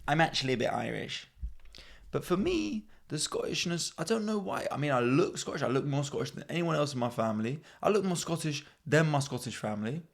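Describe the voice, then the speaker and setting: A man's voice: fairly high pitch, sing-song, fairly quick, gravelly, hardly any pauses. A man in his thirties hosting a comedy podcast, rambling in a self-mocking way and swearing freely. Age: 30s. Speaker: podcast host. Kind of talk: casual comedic monologue.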